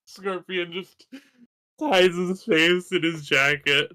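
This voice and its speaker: A man with a fairly high, bright and forceful voice, playing a tabletop game. He talks slowly and keeps breaking into giggles as he describes his character's moves. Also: fairly even intonation, clear, resonant tone, no echo. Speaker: player. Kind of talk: casual tabletop game play.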